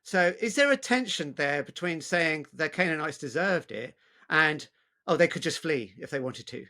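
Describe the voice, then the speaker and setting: A man's voice: on the high side, expressive, normal speed, sharp tone. A man on a discussion panel making conversational points, hedging with "so" and "um" as he goes. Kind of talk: casual discussion.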